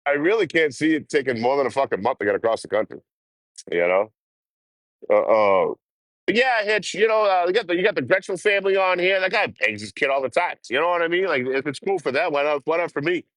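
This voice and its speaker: A man's voice: fairly high pitch, animated, fast talker, fairly bright tone, dry recording. Laughing, swearing man chatting with viewers. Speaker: livestream host. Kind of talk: casual livestream chat. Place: outdoors while traveling by train.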